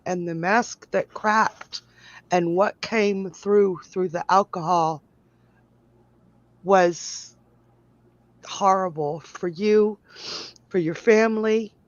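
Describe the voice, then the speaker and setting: A woman medium delivers a heartfelt reading at an unhurried, halting pace, her voice rough with fry. The sound is close and dry, and the recording is dull and lo-fi. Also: medium pitch, no echo. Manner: slow, tender, halting delivery with apologies. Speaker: psychic medium guest. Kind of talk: emotional live psychic reading.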